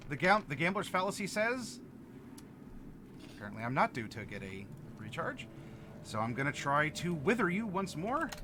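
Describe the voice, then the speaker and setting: Bright-voiced male game master. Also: medium pitch, a little hiss or hum. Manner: casual, halting with fillers, laughs often. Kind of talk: running a tabletop game.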